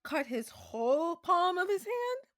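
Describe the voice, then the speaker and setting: A woman's voice: very high-pitched, very animated, measured pace, fairly bright tone, no echo. A woman from New York co-hosting a podcast, speaking bluntly and sarcastically in casual chat. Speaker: podcast co-host.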